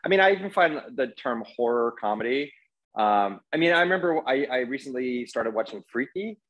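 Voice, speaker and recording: A man's voice: mid-range voice, animated, fairly quick, a bit bright, lo-fi sound. A man as a podcast guest, telling rambling anecdotes with many fillers in casual conversation.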